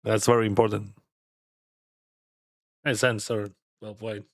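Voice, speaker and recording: A man's voice: on the low side, little pitch movement, measured pace, no room sound. A man with a Russian accent chatting casually while playing online poker, loose with grammar and laughing often.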